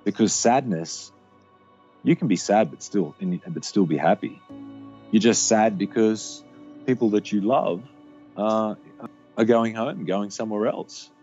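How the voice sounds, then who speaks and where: A man, a podcast guest, talking reflectively about parenting in a halting, filler-heavy way. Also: lowish voice, dark tone, lo-fi sound, faint music behind. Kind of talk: casual conversation.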